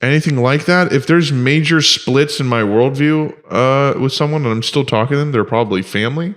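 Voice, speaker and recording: A man's voice: medium pitch, brisk. A man co-hosting a casual podcast, telling stories in a loose, profane way and acting out lines as he goes. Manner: animated, profane storyteller who acts out quotes. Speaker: podcast co-host.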